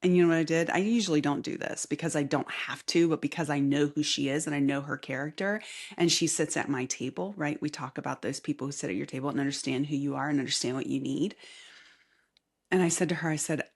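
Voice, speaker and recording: A woman hosting a casual solo podcast with a light Southern accent, chatty and rambling, often laughing and dropping into soft asides. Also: sits low, quick pace, breathy edge. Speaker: podcast host. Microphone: camera mic facing the speaker.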